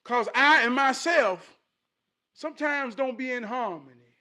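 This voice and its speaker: A man giving a casual motivational talk in an animated, preachy way, with streetwise slang. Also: extremely high pitch, a little slow.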